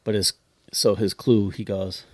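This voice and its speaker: A man's voice: fairly low pitch, level tone, a little slow, dry recording. A man co-hosting a podcast, telling rambling stories in casual chat and laughing at his own jokes. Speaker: podcast co-host.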